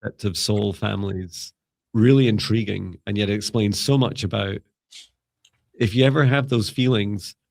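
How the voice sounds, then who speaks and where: Gravelly low-voiced man musing on a live stream. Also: fairly even intonation, normal speed, darkish tone, no echo, clean studio sound. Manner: rambling, musing, laughs often, self-correcting. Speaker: psychic mentor and live show co-host. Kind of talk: casual live-stream chat.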